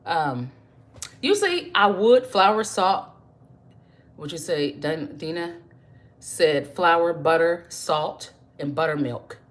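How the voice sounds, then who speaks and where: A woman hosting a home cooking video, chatting warmly with viewers and calling them y'all and baby. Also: fairly low pitch, animated, takes it slowly. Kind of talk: casual cooking demonstration to viewers.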